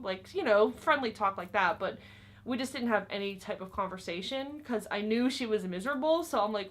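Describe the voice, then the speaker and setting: Animated and a little fast, this young vlogger has a medium-pitched, fairly bright voice. She tells the camera casual stories about her old job, chatting away with plenty of "like" and "um."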